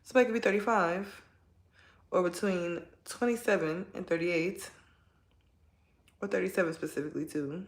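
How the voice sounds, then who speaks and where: A woman's voice: fairly low pitch, moderate pace, long pauses, reverberant. A woman giving a casual tarot reading from home, talking straight to her viewers in a chatty, heartfelt way. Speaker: tarot reader. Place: at home, kids nearby.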